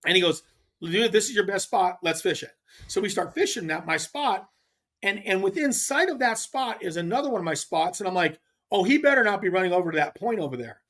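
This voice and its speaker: Male guest storyteller, rambling, animated, acts out dialogue, voice sits high. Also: a little fast. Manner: rambling with restarts. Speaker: podcast guest, pro angler. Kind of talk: casual storytelling.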